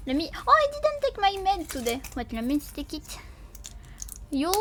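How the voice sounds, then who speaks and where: A woman streamer chats casually with her viewers, playful and silly, swearing often. She sounds sleepy and yawns. Her high voice is very animated, at a normal pace.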